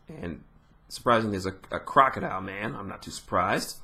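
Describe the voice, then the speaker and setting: A man's voice: lowish voice, lively intonation, a little fast, gravelly, sharp tone. A man giving an informal, rambling recap of a manga chapter, often correcting himself.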